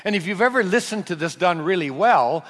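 A man preaching a sermon in an animated, emphatic way, slowing down to stress key phrases. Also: sits high. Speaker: pastor. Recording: reverberant hall.

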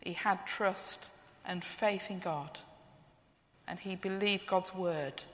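Slow, bright-voiced woman preaching in a reverberant hall. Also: lowish voice. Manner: reflective, asks the listeners questions. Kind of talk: sermon. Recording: long reverb of a church hall.

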